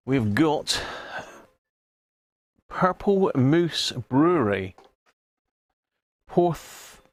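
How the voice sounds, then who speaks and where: In a medium-pitched voice with no echo, a man hosts a casual livestream. He greets viewers by name and stumbles over unfamiliar words.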